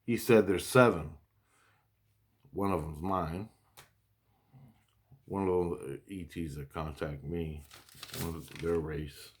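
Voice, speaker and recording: Slow, low-voiced man rambling through a story. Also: fairly even intonation, slightly rough. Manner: rambling, repeats himself, mild swearing. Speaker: vlogger recounting spiritual experiences. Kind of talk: casual storytelling monologue.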